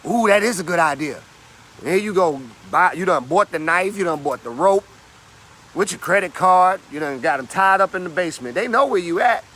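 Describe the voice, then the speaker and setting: Man doing a motivational talk, bright kinda high voice, slangy preachy storytelling. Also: animated, normal speed. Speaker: motivational speaker.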